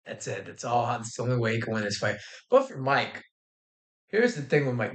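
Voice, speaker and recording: A man's voice: mid-range voice, moderate pace. A young man hosting a casual fight-night livestream, talking in brash, swearing, slangy trash talk. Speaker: livestream host.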